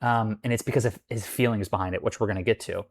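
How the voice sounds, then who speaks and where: A man's voice: on the low side, fairly even intonation, quick pace. A man ranting casually about a roommate, rambling and swearing with lots of filler words. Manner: profane, rambling, full of "like" fillers. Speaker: vlogger. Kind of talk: casual storytime rant.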